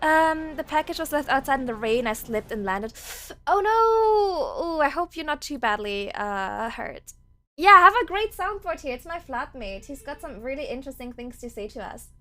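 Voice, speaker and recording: A woman's voice: sits high, lively intonation, normal speed, bright, forceful tone. A woman streamer chatting casually on a livestream, reading chat aloud, laughing often and swearing offhandedly as she rambles. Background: faint game-soundtrack music.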